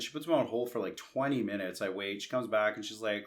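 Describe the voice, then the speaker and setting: A man's voice: on the low side, fast, hardly any pauses. A man from Canada, a tech vlogger, telling a long casual story and acting out both sides of his chats with customer service. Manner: chatty, re-enacts conversations in quoted asides, frequent restarts.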